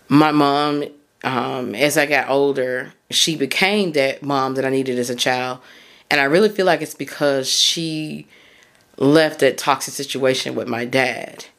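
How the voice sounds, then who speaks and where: A woman from Tennessee hosts her own podcast alone. She talks candidly and rambles, often stopping to correct herself or lose her thread. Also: low-pitched. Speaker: podcast host. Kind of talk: solo podcast monologue.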